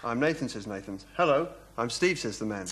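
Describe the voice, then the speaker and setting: A man earnestly narrating a scene pitch in a sketch comedy. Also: expressive, a little fast, fairly bright tone, a little hiss or hum.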